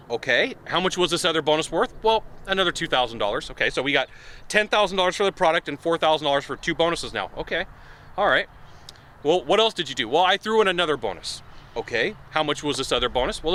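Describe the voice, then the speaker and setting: A man giving casual to-camera sales advice, acting out buyers' lines in an animated way, recorded outdoors. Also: a little high. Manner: animated, acts out buyer dialogue. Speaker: sales consultant.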